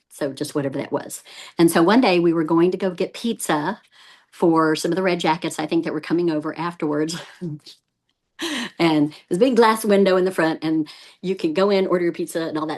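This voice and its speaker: Lively lower-voiced woman trainer. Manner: lively storyteller, laughs often. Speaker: sales team trainer. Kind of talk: motivational training talk.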